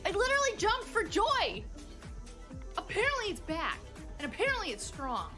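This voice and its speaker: A woman with a soft Canadian accent streams a game live and thinks out loud as she plays. Her voice sits high and swings widely in pitch. Faint music plays under her. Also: wildly swooping pitch, moderate pace. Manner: chatty, thinks aloud to herself and chat.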